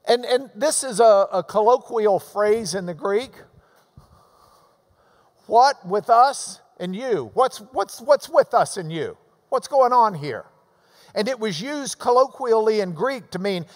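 A man preaching a sermon, teaching slowly and emphatically and repeating his phrases for weight. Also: sits high, animated, in a large hall.

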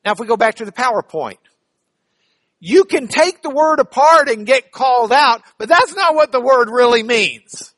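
A man's voice: very high-pitched, expressive, moderate pace, pushed and bright, no room sound. A man teaching a church Bible class in a playful, joking way, spelling out words.

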